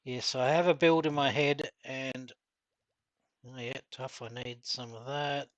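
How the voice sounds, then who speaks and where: During a relaxed gaming live stream, a middle-aged man with an Australian accent chats and replies to viewer comments. His medium-pitched voice stays fairly even at a measured pace, and the recording is muffled, with no room sound.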